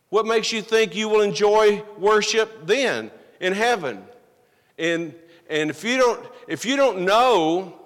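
A man's voice: sits high, fairly bright tone. Emphatic male preacher in a reverberant hall. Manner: earnest, emphatic preaching with rhetorical questions. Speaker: pastor. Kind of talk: sermon. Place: church sanctuary.

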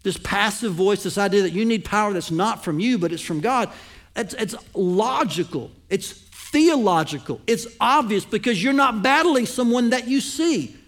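High-voiced pastor preaching a sermon. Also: male voice, animated. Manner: teaching, asks the congregation to follow along; slows down and lands key phrases with emphasis.

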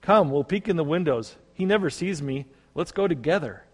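A man's voice: fairly high pitch, animated, normal speed, slightly rough, pitched above the performer's own voice. A man voicing a proud, fault-finding younger brother who eagerly accuses his sibling. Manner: eager, accusing, self-righteous. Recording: long reverb.

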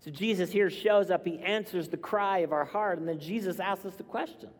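A man preaching a sermon, emphatic and building to loud cries on key lines. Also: high-pitched, a little fast, hardly any pauses. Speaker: pastor. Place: church sanctuary. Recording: long hall reverb.

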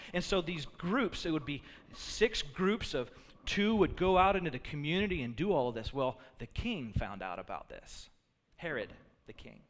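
A man preaching a sermon as a pastor, animated and storytelling, acting out quotes from the people in his story. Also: on the high side. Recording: long reverb of a large hall.

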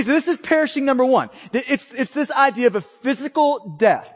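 High-voiced preacher man in a reverberant hall. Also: lively intonation, brisk, hardly any pauses. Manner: earnest teaching, acts out quoted voices. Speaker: pastor. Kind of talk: sermon.

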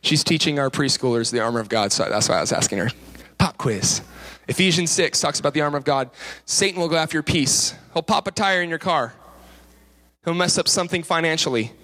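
Guy preaching in church, high bright voice, animated and jokey. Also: fairly quick. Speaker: pastor. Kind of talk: sermon.

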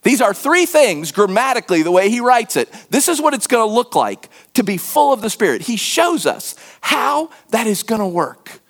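A man preaching a sermon as pastor, telling stories and acting out quotes, sometimes dropping to a hushed near-whisper for emphasis. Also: very animated, normal speed, hardly any pauses. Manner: storytelling, acts out quotes with sudden pitch jumps.

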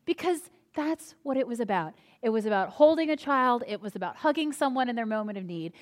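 A woman pastor with a high voice delivers a sermon. Her preaching is conversational and relaxed, and she tells humorous stories from her own ministry. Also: brisk.

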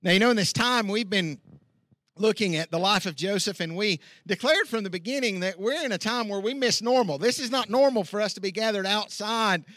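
A middle-aged man preaching a sermon outdoors, telling a folksy story with lively asides. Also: high voice, brisk, no echo, clean studio sound. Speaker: pastor. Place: outdoor church service.

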